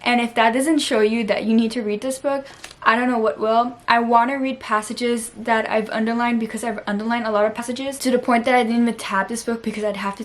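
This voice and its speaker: A woman talking casually to camera as a book vlogger, her voice sitting a little high. She gushes earnestly and openly, and she peppers her sentences with "like.". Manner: chatty, gushing, peppered with "like". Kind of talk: casual reading vlog chat.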